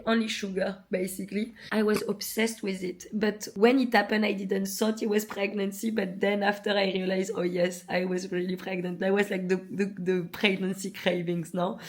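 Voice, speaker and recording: Woman vlogging, rambly and chatty, lots of like and no?, mid pitch. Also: slight background noise. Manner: chatty, animated, many filler likes and restarts. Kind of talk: casual storytelling to camera.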